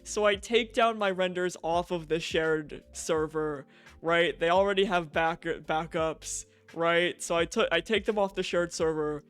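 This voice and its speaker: A young man streaming a game, telling a story in a profane, animated rant full of "right?" asides. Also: on the high side, measured pace, smooth, soft background music.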